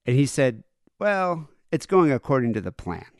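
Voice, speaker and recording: A man co-hosting a podcast, spinning a long anecdote in a smooth, resonant voice. He acts out both sides of the exchange as he goes. The sound is dry and close, with no room around it. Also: medium pitch, normal speed, no echo. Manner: animated retelling, acts out both sides of a conversation. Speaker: podcast co-host. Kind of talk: casual storytelling chat.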